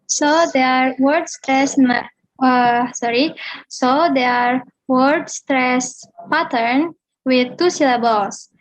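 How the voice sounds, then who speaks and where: A young woman reads a phonetics lesson aloud in English, with a high voice and a slow pace. She moves carefully through each point, correcting herself and restarting as she goes. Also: rough recording. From Indonesia. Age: young adult. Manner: halting, careful reading with restarts. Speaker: student presenter.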